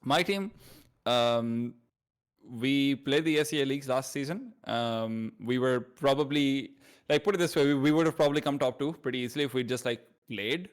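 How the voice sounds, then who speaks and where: A man's voice: mid-range voice, moderate pace, clean tone. A man from Pakistan with a Pakistani accent, a guest chatting on a podcast, rambling through fillers and restarts. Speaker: esports commentator guest. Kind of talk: casual podcast chat.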